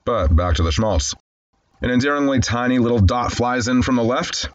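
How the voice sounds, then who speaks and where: A man's voice: medium pitch, lively intonation, normal speed, dull audio. A man hosting film commentary, describing scenes and reading the dialogue aloud in a wry, conversational way. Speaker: host.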